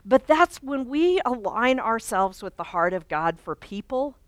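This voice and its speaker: Animated woman preaching a story, higher voice. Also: measured pace, no echo. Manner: animated storytelling, laughs often. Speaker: church staff speaker. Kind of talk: sermon with personal story.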